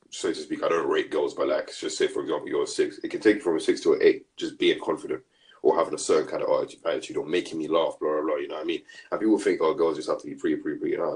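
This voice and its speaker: A man's voice: very deep voice, a little mellow. A young man co-hosting a podcast, making his points emphatically in slangy casual chat. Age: young adult. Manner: emphatic, preachy street slang. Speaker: podcast co-host.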